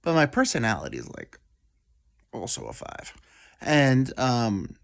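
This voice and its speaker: Rambling man telling a lively story. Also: mid-range voice, creaky. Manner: rambling, self-deprecating, quotes people in quick asides. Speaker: podcast host. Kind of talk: casual storytelling monologue.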